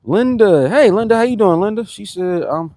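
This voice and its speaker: A man's voice: high voice, animated, moderate pace, mellow, no echo. Man chatting loosely on a fitness livestream. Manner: loose and rambling, greets commenters, keeps saying "you know what I'm saying". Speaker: fitness live-streamer. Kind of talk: casual live-stream chat to viewers.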